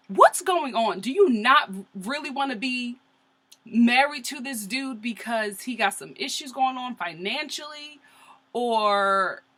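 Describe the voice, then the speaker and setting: A woman from Philadelphia giving a sassy, opinionated comedic recap of a reality TV episode. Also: medium pitch. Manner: sassy, opinionated, animated rants.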